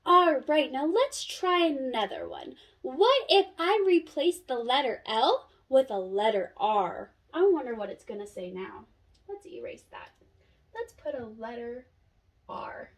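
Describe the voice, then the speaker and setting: A young woman teaching a phonics lesson, sounding out letters slowly and praising an imagined class. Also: high voice. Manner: slow, sing-song classroom praise and sounding out.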